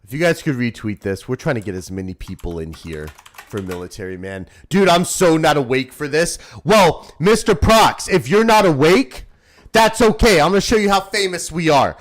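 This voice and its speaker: This rowdy streamer in his thirties hosts a live stream, chatting casually, swearing, and ribbing his chat at a normal speed. His pitch swings widely as he goes from loud shouts to low mumbles.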